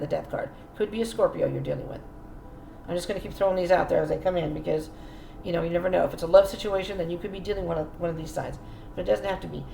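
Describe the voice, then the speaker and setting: Woman tarot reader, chatty and musing, gravelly edge, roomy echo with faint room noise. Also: lowish voice, expressive, fast, darkish tone. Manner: chatty, musing aloud, addresses viewer directly. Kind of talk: casual spoken tarot reading.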